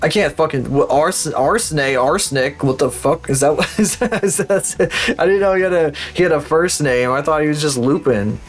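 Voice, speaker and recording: A man's voice: on the high side, moderate pace, soft background music. A young man streaming live, commenting as he plays, swearing often and mumbling names aloud as he guesses.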